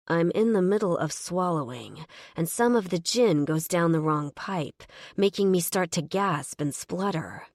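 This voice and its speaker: Woman reading a romance audiobook, first person, wry, lowish voice, dry close mic. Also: animated, a little slow, a little mellow, no echo. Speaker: audiobook narrator.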